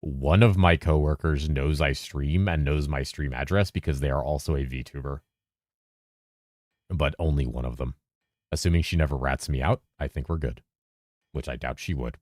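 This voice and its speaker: A man with a very deep voice, chatting casually on a game stream, reading messages from chat aloud and answering them with casual swearing. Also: dry recording, clean studio sound. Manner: lively presenter inflection at times, drops into a flatter low voice at other times; talks fast to keep up with chat.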